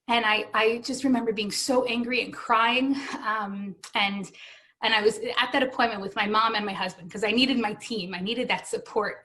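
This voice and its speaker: A woman in her thirties tells her own story in earnest, with emotion close to the surface. She acts out what others said to her. Her voice sits a little high for a woman. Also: moderate pace, a bit bright. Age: 30s. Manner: earnest and emotional, with acted-out quoted dialogue. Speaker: guest telling her story. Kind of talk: personal testimony at a benefit stream.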